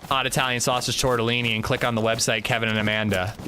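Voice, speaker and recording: A man's voice: mid-range voice, level tone, fast, noisy background. A man streaming a video game, chatting casually and rambling jokily to his viewers. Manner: rambling, jokey, talks to chat. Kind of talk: casual livestream chat.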